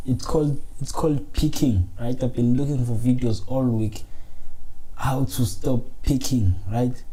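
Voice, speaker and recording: A man's voice: mid-range voice, fairly even intonation, unhurried, mellow, low-quality recording. A man hosting a casual solo podcast, talking into his phone in a frustrated, rambling way, swearing and restarting his sentences. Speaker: podcast host. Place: small room, indoors.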